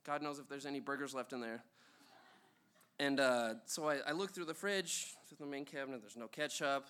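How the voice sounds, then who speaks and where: A man's voice: mid-range voice, moderate pace, bright, forceful tone, clean tone. A young man telling a funny personal story at a live show, rambling with lots of ums and uhs and chuckles.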